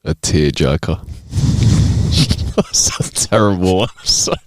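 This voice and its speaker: A man's voice: deep voice, a little slow, no echo. A man co-hosting a comedy podcast, telling jokes in rambling, casual chat and laughing at his own lines. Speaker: podcast co-host.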